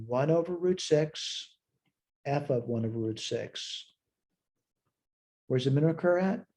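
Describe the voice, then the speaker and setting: A man's voice: mid-range voice, warm tone. A man teaching a college math lesson, thinking aloud as he works through problems in a chatty, self-deprecating way. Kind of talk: recorded math lecture.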